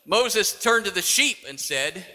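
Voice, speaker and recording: Bright-voiced pastor telling a story. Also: male voice, high-pitched, animated, measured pace. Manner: playful, laughing asides. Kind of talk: storytelling sermon. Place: church sanctuary. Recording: echoey church hall.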